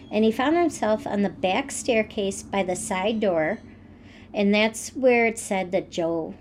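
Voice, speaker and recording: Casual storytelling woman, faint background hiss. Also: medium pitch. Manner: relaxed, tells stories with fillers. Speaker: podcast co-host.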